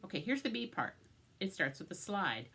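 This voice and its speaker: Woman teaching banjo over loud picking. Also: mid-range voice, very animated, normal speed, vocal fry, over loud music. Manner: patient step-by-step explaining, chants picking rhythms. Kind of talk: instructional music lesson. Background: loud banjo playing.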